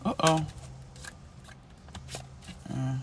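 A man giving a casual tarot reading on his podcast, sassy and expressive, swearing freely. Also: extremely slow, no echo. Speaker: tarot reader.

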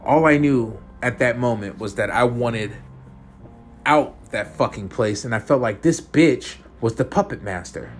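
A man's voice: mid-range voice, unhurried, a little hiss or hum. A man narrating a first-person horror story, tense and profane.

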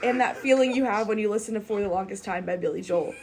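A woman's voice: mid-range voice, fast, very noisy. A woman introducing her character at a tabletop game, giggly and rambling with fillers. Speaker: player. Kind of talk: casual chat.

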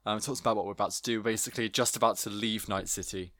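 A man's voice: lowish voice, steady tone, quick pace, bright, forceful tone, no room sound, clean studio sound. A man chatting eagerly about a video game, often tripping over his words. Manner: enthusiastic, stumbles over words.

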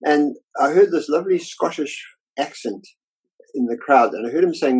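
An older man, an illustrator, telling lively anecdotes about his career in a casual interview and acting out the voices of people he quotes. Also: mid-range voice, moderate pace, gravelly, husky, low-quality recording.

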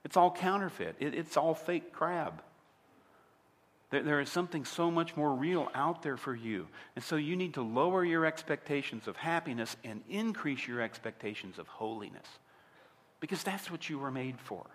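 A pastor preaches a sermon in a large hall, his fairly high voice animated and emphatic at a normal speed. He puts rhetorical questions directly to his listeners.

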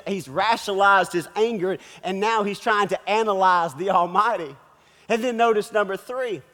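Preacher with a very high voice, lively call-and-response delivery, long echo of a church hall. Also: male voice. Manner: emphatic, calls out to the congregation, repeats key words. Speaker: pastor. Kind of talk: sermon.

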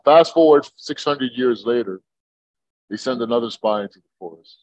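A man from Egypt, a podcast guest, telling stories in a lively way, laughing and swearing freely. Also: fairly low pitch, a little fast, dry recording, muffled recording. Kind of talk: casual podcast chat.

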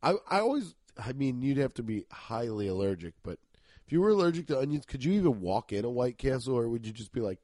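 Sniffly and stuffed up from allergies, a thirtysomething Cincinnati, Ohio man hosts a podcast, cursing and rambling with excitement in a comedic monologue. He speaks at a fairly high pitch, with no room sound on the recording.

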